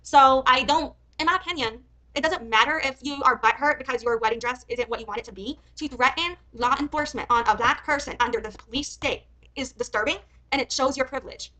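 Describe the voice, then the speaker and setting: A woman's voice: high voice, a little fast, sharp tone, rough recording. A woman streamer giving heated reaction commentary, often swearing and ranting angrily. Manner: heated, swearing, angry rants.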